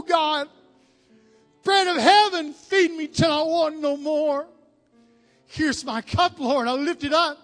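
High-voiced fervent revival preacher in a reverberant church. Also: male voice. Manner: fervent, chanting prayer that rises to crying shouts. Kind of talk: Pentecostal revival sermon and prayer. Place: church sanctuary at the altar. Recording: music behind, long church reverb.

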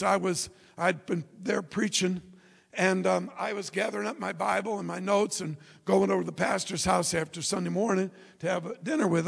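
A man preaching a fervent sermon, his raspy, gravelly voice pitched high and often raised to a shout. He moves between hollered exhortation and stories told to the congregation. The church around him rings with a long reverb. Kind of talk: evangelistic sermon. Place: church sanctuary.

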